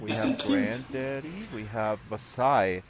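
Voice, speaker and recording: A man's voice: lowish voice, slow, a little hiss or hum. A man hosting a casual live stream chat in a virtual world, playful and joking with a rowdy group. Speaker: host.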